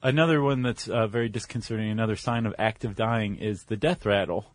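A man's voice: on the low side, a little fast, no room sound. A man co-hosting a podcast, explaining in casual chat with fillers and restarts. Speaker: podcast co-host.

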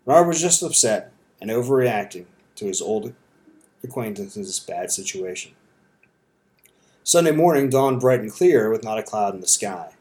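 A man narrating an audiobook in a steady, measured storytelling manner. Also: on the low side.

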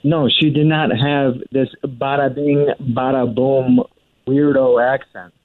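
A man's voice: medium pitch, fairly even intonation, slow, dry recording. A man calls in and sounds baffled and exasperated, pressing with question after question. His voice is thin and tinny over a phone line, with a dry sound. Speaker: caller. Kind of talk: phone-in radio chat.

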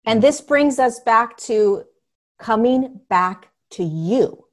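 A woman's voice: on the high side, lively intonation, slow pace. A woman guest speaking earnestly and emphatically in casual conversation as a spiritual teacher, often acting out what people say. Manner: earnest, emphatic, acts out quotes.

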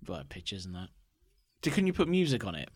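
A man's voice: on the low side, sing-song, a little fast, husky, no echo. A man in his thirties, co-hosting a podcast in easygoing, dry-humoured chat. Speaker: podcast co-host. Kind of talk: casual chat.

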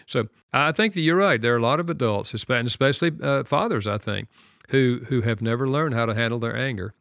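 An older man talks in a low, earnest voice, sharing a heartfelt story on a radio talk show. He speaks softly and laughs at himself now and then. The studio sound is dry and close. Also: gravelly, no echo. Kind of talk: conversational storytelling.

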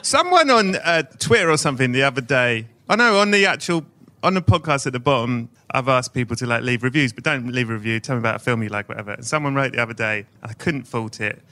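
A man's voice: medium pitch, expressive, fast talker, bright, forceful tone. A man hosting a live podcast, joking and laughing often, and sometimes putting on a posh, old-fashioned voice. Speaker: podcast host. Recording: live stage mic with faint noise.

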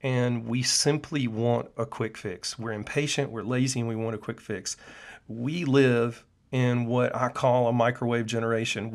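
A middle-aged man, a clinician hosting his own show, speaking in an earnest, preachy personal monologue with frequent "uh" fillers. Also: medium pitch. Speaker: podcast host and functional medicine clinician.

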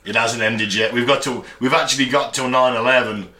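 A man's voice: mid-range voice, fairly even intonation, a little fast, bright, forceful tone, echoey room. A man co-hosting a podcast in casual chat, blunt and swearing freely. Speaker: podcast co-host.

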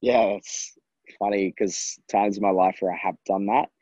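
A man with a very deep, husky voice talks hesitantly through a coaching chat. He restarts often and laughs easily. The sound is dull and muffled, with a dry room. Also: fairly even intonation, moderate pace, dark tone, dry recording. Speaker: coaching client. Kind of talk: casual chat.

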